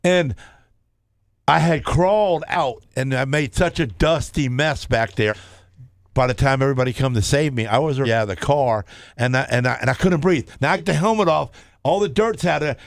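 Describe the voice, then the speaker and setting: A man's voice: mid-range voice, fairly quick, vocal fry, no echo, studio quality. A man, telling a long story on a radio talk show, rambling and restarting often.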